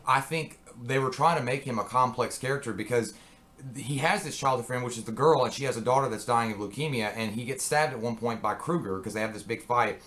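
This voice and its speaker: A man's voice: medium pitch, brisk, a bit bright. A man co-hosting a casual movie review chat, talking in a rambling, profane way with frequent restarts.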